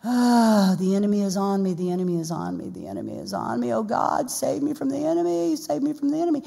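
A woman's voice: fairly high pitch, wildly swooping pitch, fast talker, creaky, warm tone, heavily acted. A woman putting on the voice of a woeful, whiny psalm singer crying for rescue. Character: anxious lamenting psalm singer. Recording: long church reverb.

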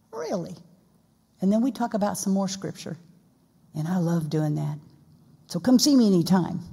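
A woman's voice: mid-range voice, creaky, dark tone, slightly rough. A woman pastor preaching a sermon in a folksy, conversational way with playful asides. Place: church sanctuary. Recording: long reverb in a church hall.

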